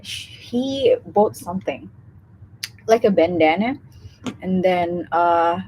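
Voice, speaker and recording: Slow, hesitant Indonesian-accented young woman. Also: fairly low pitch, expressive, a little mellow, slight background noise, rough recording. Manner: hesitant, many fillers and restarts. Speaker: student speaker on a live session. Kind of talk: casual live talk.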